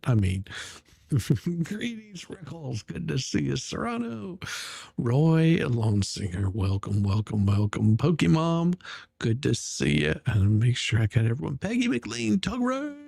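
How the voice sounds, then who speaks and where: Gravelly man hosting a livestream. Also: medium pitch, dark tone, dry recording, studio quality. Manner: mocking, greets viewers by name, rambling with restarts. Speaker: livestream host. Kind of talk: casual livestream chat.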